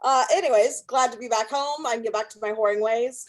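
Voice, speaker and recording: A woman from California does a stand-up set, brash and foul-mouthed, and she makes fun of herself. Her voice is a little higher than most. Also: fairly quick. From Sacramento, California. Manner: brash, profane and self-mocking. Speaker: stand-up comedian.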